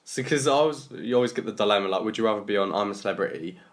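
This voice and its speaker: A man's voice: on the low side, very fast, a little hiss or hum. A young man, co-hosting a casual podcast and asking the others questions in a chatty way. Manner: chatty, laughs while telling. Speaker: podcast co-host. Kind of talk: casual chat.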